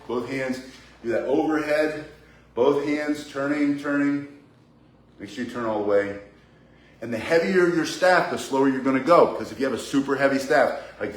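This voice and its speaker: Chatty male martial arts teacher, joking digressions, roomy indoor echo. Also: medium pitch. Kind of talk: live online bo staff lesson. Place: indoor room with a ceiling. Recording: echoey indoor room.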